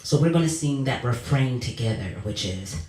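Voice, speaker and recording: A woman's voice: a bass voice, expressive, normal speed, mellow. A woman in her forties, an earnest song leader chatting over a video call with many fillers before teaching a song. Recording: roomy sound with guitar playing.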